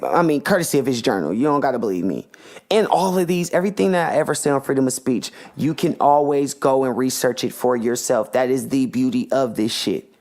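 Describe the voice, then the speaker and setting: A man's voice: medium pitch, animated, a little fast, darkish tone. Impassioned, profane man hosting a podcast. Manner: impassioned, profane, slangy ranting. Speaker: podcast host. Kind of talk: podcast monologue.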